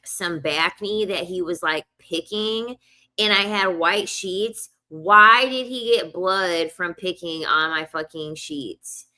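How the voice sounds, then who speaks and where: A woman's voice: medium pitch, sharp tone. A young woman telling a casual storytime rant, blunt and profane, repeating lines for emphasis. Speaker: vlogger.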